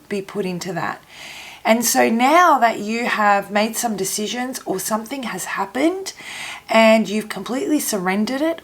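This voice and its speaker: Woman tarot reader, gentle, halting, voice catching in her throat, mid-pitched. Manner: gentle, halting, repeats phrases while searching for words. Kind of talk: intuitive tarot reading to camera.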